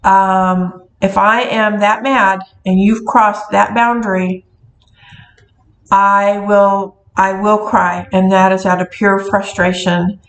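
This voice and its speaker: A middle-aged woman chats casually to her viewers, rambling along with plenty of ums and restarts. Her voice sits at an ordinary pitch and carries a clear echo from the room around her. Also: fairly even intonation, takes it slowly. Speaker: witch and metaphysical shop owner. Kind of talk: casual talking-to-camera vlog. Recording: echoey room.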